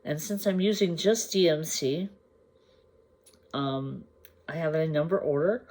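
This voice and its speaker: A woman crafting vlogger chatting casually to the camera. She shows her projects at an unhurried pace, pausing to gather her thoughts and sometimes asking the viewers questions. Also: low voice, a little mellow. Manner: unhurried, chatty, meandering with pauses. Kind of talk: casual show-and-tell chat to camera.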